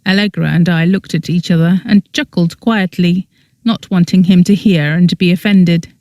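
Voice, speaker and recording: An audiobook narrator reading a first-person story in an even storytelling manner, close to the mic. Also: mid-range voice, normal speed, dry recording.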